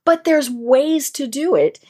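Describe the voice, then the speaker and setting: A woman from the mountains of Colorado hosting a casual conversation, chatty and quick to murmur agreement. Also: high voice, a loud crowd. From Colorado mountains, USA. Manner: animated, frequent affirming murmurs.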